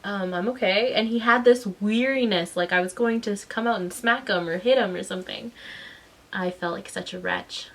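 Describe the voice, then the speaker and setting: A woman telling a story from her own life in a casual vlog, with a voice pitched right in the middle. She is animated and slips into the voices of the people she describes. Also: normal speed, rough recording. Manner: animated, acts out quoted voices. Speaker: mother and vlogger.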